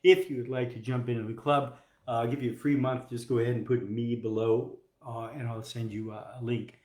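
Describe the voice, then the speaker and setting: Male health coach, casual and joking, middle pitch, roomy echo. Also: level tone, fairly quick, darkish tone. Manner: casual, joking, acts out examples. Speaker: health coach teaching doctors. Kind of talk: live-streamed coaching talk.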